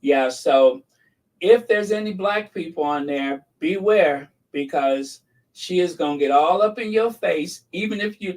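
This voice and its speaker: A man hosting a casual gossip channel, speaking slowly and unhurriedly in a rambling, mocking way. His voice sits somewhat high and is picked up from a distant mic. He keeps breaking into laughter at his own jokes. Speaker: channel host.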